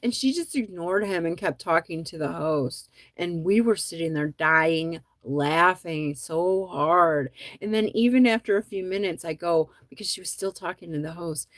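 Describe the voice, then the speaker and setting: A woman's voice: fairly low pitch, normal speed, few pauses, dry recording, studio quality. A woman comedian hosting a show, chatting casually and rambling, often laughing at her own jokes. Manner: rambling with many likes and ums. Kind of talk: casual chat to viewers.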